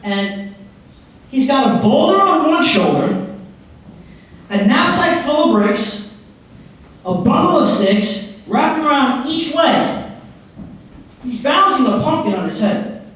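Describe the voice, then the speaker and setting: High-voiced man speaking in an echoey hall. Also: takes it slowly, pauses often. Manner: lively storyteller who acts out characters. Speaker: motivational speaker. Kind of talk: live presentation with storytelling. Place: public library meeting room before an audience. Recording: very echoey hall recorded from far off.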